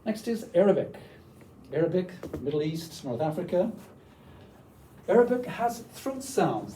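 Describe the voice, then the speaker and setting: A man giving a lively teacher workshop, demonstrating foreign words and sounding them out for the room. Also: high voice, a little slow, recorded from a distance, slight background noise, rough recording. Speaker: workshop presenter. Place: lecture room.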